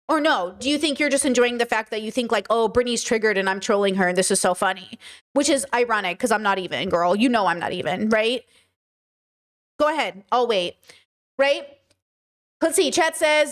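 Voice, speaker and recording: Emphatic high-voiced woman streamer. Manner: emphatic, rising to loud passionate peaks. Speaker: streamer reading chat. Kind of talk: livestream commentary.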